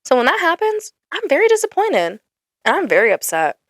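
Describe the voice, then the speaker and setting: A woman's voice: high voice, huge pitch swings, fairly quick, fairly bright tone, no room sound, studio quality. A young woman hosting a casual ranting monologue, exasperated and full of "like" fillers. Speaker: podcast host.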